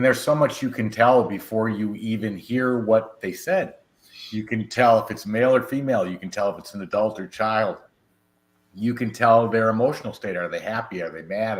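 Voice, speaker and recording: A man's voice: on the low side, normal speed. A man co-hosting a paranormal talk show, explaining his points eagerly and listing them one after another. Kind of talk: casual chat. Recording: roomy echo.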